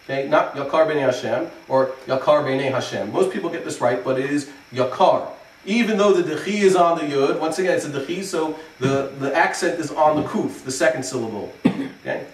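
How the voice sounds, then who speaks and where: A rabbi explaining the cantillation of verses in a relaxed lesson, pausing to chant phrases as examples. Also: male voice, a little high, far from the mic. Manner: explains slowly, then chants phrases to demonstrate. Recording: echoey room, voice from off-mic.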